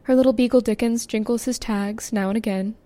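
A woman hosting a podcast, calmly reading scripted documentary narration. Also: fairly high pitch, dry recording. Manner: calm, measured scene-setting. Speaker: podcast host.

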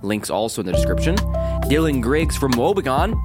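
A man at an ordinary pitch runs through podcast credits in a loose, rambling way. Loud guitar music plays under his voice the whole time. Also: big pitch swings, normal speed. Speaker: podcast host. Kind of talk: casual credits outro.

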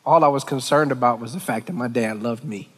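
A man's voice: medium pitch, breathy edge. Earnest man preaching in echoey church. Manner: earnest, emotional, halting with restarts. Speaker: worship leader. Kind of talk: sermon. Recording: long church hall reverb.

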